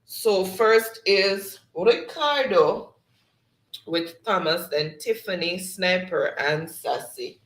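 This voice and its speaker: A man's voice: high-pitched, lively intonation, takes it slowly, a bit bright, roomy sound, poor audio. A man with a Jamaican accent hosting a casual live-stream quiz, reading chat messages aloud and laughing often.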